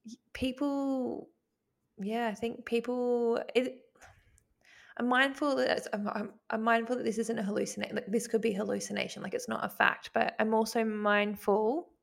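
Very gravelly, thoughtful woman. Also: on the high side, steady tone, moderate pace. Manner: thoughtful, hedging, restarts phrases. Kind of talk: casual podcast chat.

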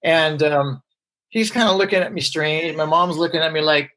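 A man telling a personal story as a guest, lively, acting out the voices of people he quotes, with many fillers. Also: fairly high pitch, normal speed.

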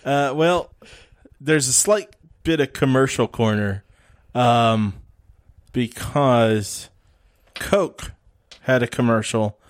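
Slow, hesitant male co-host. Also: medium pitch, smooth. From Midwest US. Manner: hesitant, lots of ums, laughs easily. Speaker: podcast co-host. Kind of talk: casual film podcast chat.

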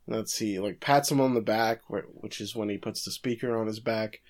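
A man co-hosting a casual podcast, recapping plot events at length and breaking in with quick quips. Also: fairly low pitch, fairly even intonation. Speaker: podcast co-host recapping an anime episode. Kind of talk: casual chat.

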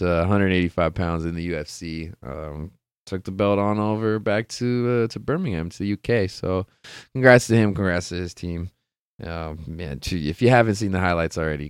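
A man hosting a solo sports podcast, talking casually and excitedly, swearing freely and laughing often. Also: deep voice, clean tone, dry recording, studio quality. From California. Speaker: podcast host.

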